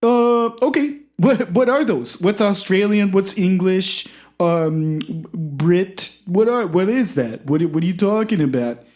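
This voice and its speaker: An excitable talk show host, voiced by a comic performer who jumps up high and loud, with his pitch swooping all over. He rambles, baffled by everything, in a comedy podcast sketch. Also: measured pace, lightly acted. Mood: excited.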